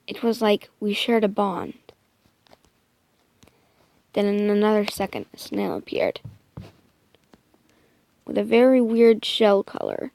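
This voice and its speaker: Woman making up a story as she goes, slow and gravelly, keeps dropping to a whisper. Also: mid-range voice. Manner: hesitant, soft, slipping into whispers, self-correcting. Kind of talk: improvised first-person story narration.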